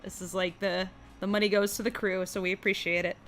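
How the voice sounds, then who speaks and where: A woman's voice: medium pitch, little pitch movement, brisk, fairly bright tone, faint music behind. A woman co-hosting a casual live stream, chatty and thankful, with many fillers and laughs. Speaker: co-host, animator.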